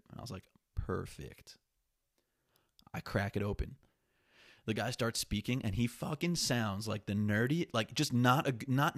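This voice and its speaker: A man's voice: lowish voice, vocal fry. A young man hosting a solo podcast, talking in a rambling, profane, candid way. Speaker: podcast host. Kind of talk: casual solo podcast monologue.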